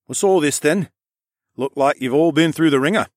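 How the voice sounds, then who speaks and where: A man's voice: a little high, normal speed, darkish tone, no echo, pitched above the performer's own voice, natural voice. A polite middle-aged man speaks in a flustered way, as a male narrator voices him. The voice sits a bit above the narrator's own. It stays close and dry. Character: bewildered, well-groomed middle-aged man. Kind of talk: audiobook narration.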